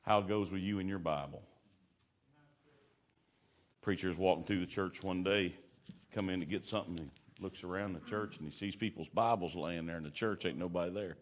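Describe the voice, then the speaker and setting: Deep-voiced man preaching. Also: normal speed. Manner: folksy Southern-style preaching, laughing asides, swings from loud to hushed. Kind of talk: sermon with storytelling. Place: church.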